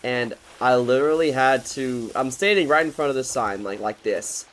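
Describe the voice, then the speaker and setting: A man's voice: medium pitch, expressive, moderate pace, fairly bright tone, slight background noise, low-quality recording. A man in his twenties telling a rambling, profane storytime in a casual, joking way. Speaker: vlogger.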